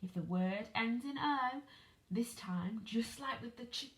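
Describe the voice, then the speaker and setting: A woman teaches phonics to young children over video. She speaks slowly and clearly, spells words out letter by letter, and keeps checking in with questions. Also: medium pitch, lively intonation. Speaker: primary school teacher. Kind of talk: online phonics lesson for children.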